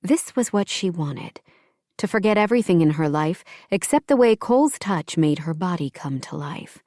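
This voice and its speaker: A woman reading an audiobook romance in calm, even scripted narration. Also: on the low side, moderate pace, no room sound, clean studio sound.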